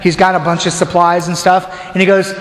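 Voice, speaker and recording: A man preaching a storytelling sermon as a deacon, animated and acting out crowd voices. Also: high voice, brisk, roomy sound, in a large hall. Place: church.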